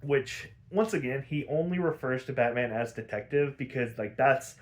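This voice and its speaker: A man's voice: medium pitch, moderate pace. A man hosting a podcast, casually recapping a cartoon episode in a loose, profane way, laughing often and leaning on filler words. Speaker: podcast host.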